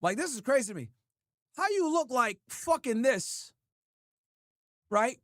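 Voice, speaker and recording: Guy ranting on his stream, high animated voice, crude and mocking, dry close sound. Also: a little slow, no room sound. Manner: crude, mocking, laughs often. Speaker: livestream host. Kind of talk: casual reaction commentary.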